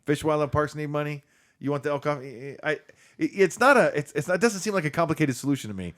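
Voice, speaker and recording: A man's voice: a little high, expressive, fast talker, a bit bright. A man in his forties co-hosting a podcast, chatting casually, laughing often and acting out quotes. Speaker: podcast co-host. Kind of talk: casual chat.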